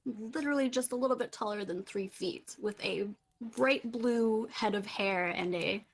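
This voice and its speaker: A woman's voice: a little high, normal speed, a little hiss or hum. A woman narrating as game master of a tabletop game, casual with lots of laughs and fillers.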